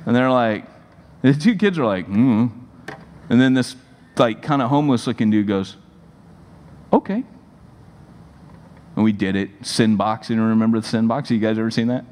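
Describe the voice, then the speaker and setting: A pastor telling stories in a sermon, animated and rambling with many fillers. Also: male voice, fairly low pitch, brisk, in a large hall. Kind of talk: sermon storytelling. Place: church hall.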